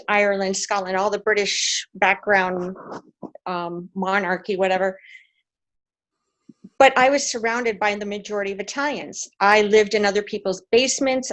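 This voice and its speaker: A woman from Canada in a casual group video call, telling stories animatedly and acting out quoted voices. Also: medium pitch. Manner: animated storyteller, acts out quotes. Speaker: discussion participant.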